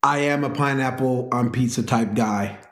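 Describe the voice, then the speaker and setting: A man's voice: mid-range voice, moderate pace, fairly bright tone. A man with a Southern US accent speaking as an interview guest, friendly and laughing as he tells anecdotes. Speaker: restaurant executive guest. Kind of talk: casual interview chat. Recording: roomy echo.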